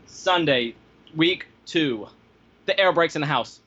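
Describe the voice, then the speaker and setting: A man tells pet-sitting stories in a casual chat, acting out his own past reactions with animated energy. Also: a little high, takes it slowly, noisy background. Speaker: podcast guest telling pet-sitting stories. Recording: slightly dull lo-fi sound.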